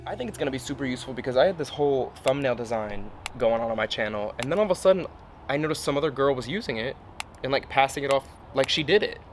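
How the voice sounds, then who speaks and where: A man's voice: mid-range voice, animated, fast talker. Chatty sarcastic man vlogging over music. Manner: chatty, sarcastic, swears and laughs often. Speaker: travel vlogger. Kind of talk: casual vlog monologue.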